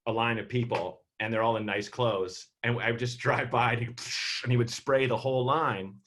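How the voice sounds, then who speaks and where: A comedian telling a long rambling story over a video call, animated and full of fillers. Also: male voice, medium pitch, normal speed. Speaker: comedian guest.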